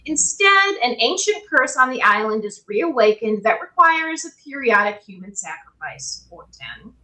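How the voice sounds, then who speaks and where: A woman's voice: fairly high pitch, big pitch swings, moderate pace, bright, forceful tone, poor audio. A woman co-hosting a podcast, chatting casually and giving friendly affirmations. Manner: affirming, reads synopsis, chuckles. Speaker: podcast co-host. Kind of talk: casual chat.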